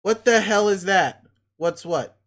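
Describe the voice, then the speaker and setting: A man reading aloud as a bossy, vicious young alien male, blunt and sneering, in a slightly high voice that stays close to a plain reading voice. He lays out demands in a pushy way. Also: lively intonation, normal speed, natural voice. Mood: domineering.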